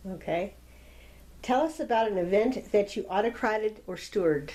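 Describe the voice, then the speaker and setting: A woman conducts an interview, prompting her guest with short, plain questions. Her voice sits at an ordinary middle pitch. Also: lively intonation, normal speed, dark tone.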